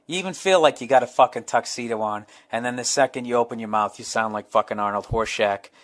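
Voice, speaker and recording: A man's voice: mid-range voice, a bit bright. A middle-aged man hosting a podcast, reading fan letters and riffing bluntly with profane asides. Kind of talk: casual podcast monologue.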